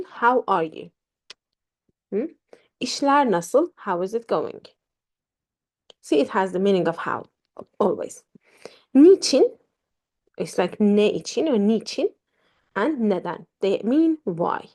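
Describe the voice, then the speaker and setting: Woman teaching, lively pitch. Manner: explains patiently, repeats examples, switches between two languages. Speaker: language teacher. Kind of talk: grammar lesson with example sentences.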